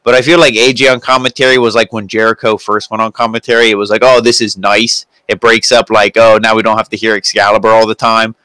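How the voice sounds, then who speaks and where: Rambling male wrestling reviewer, bright dry voice. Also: on the low side, little pitch movement, fast talker, hardly any pauses, smooth, dry recording. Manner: rambling, loose, with many restarts. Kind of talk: casual podcast chat.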